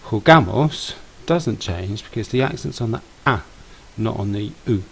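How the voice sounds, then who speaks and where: A man's voice: fairly low pitch, lively intonation, unhurried, gravelly, breathy edge, poor audio. A man teaching grammar to pupils in a patient way, stressing and repeating words. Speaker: language teacher.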